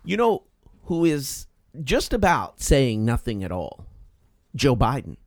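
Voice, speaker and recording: A man's voice: medium pitch, wildly swooping pitch, takes it slowly, dry recording, clean studio sound. Emphatic, folksy male radio co-host. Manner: emphatic, folksy, jokey storyteller. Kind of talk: political talk radio banter.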